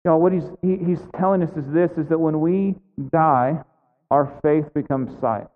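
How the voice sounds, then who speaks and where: Brief: male pastor, slightly high voice, conversational sermon, tinny and reverberant hall sound. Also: normal speed. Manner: conversational preaching with frequent "right?".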